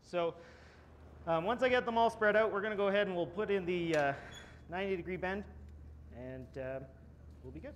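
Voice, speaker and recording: High-voiced guy at a smithing demo, rambly and jokey, faint shop noise in the back. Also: brisk, pauses often, lo-fi sound. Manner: joking, rambling, many fillers. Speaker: blacksmithing demonstrator. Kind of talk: live demonstration with storytelling. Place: smithing conference demo area.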